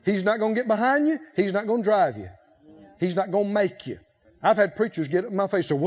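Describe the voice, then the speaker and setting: A man's voice: sits high, lively intonation, fast, darkish tone. A man preaching a sermon with emphatic calls for the congregation to answer back. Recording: slightly muffled recording.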